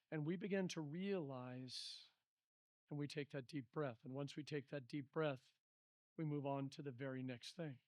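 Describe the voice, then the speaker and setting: A man's voice: fairly high pitch, measured pace, long pauses, no echo, clean studio sound. A middle-aged man, a pastor, leading a Bible study in a conversational, storytelling way.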